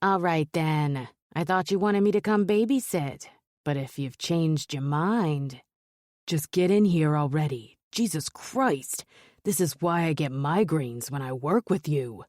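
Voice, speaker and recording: A woman's voice: low voice, animated, unhurried, a little mellow, no room sound, clean studio sound. A woman voicing a crude, mocking male gangster with a nasal voice in an audiobook. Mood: exasperated. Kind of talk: audiobook character voice.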